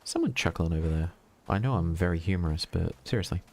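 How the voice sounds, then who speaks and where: A young man with a very deep, low voice streaming a horror game. He chats casually between tasks, dropping self-mocking jokes and playful asides to his viewers. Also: expressive, quick pace, vocal fry. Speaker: VTuber streamer. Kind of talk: casual gameplay commentary.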